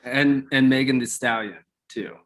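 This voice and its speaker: A man's voice: mid-range voice, moderate pace, fairly bright tone. Male podcast host, friendly, playful interviewer. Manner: friendly, asks playful questions. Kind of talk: casual interview.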